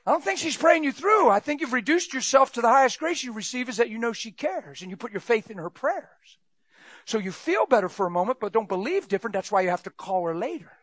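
High, bright-voiced animated preacher man. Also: fast. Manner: animated, laughing, bursts of shouting. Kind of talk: sermon.

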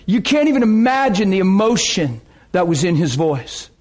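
A man preaching a sermon with fervent, emotional delivery that swings from loud outbursts to hushed intensity. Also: high-pitched, sing-song, normal speed.

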